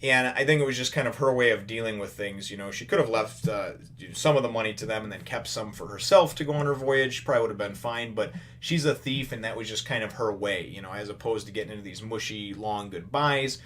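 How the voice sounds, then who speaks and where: A man's voice: fairly low pitch, fast talker, few pauses, fairly bright tone, slight background noise. A man casually retelling a comic chapter in a review, rambling with lots of "you know" fillers. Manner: retells the story animatedly. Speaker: manga reviewer.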